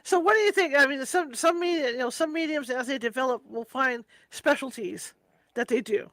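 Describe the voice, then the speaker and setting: Chatty male host, very high and bright voice, dry close sound. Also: no room sound. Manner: chatty, quick asides. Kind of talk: casual interview chat.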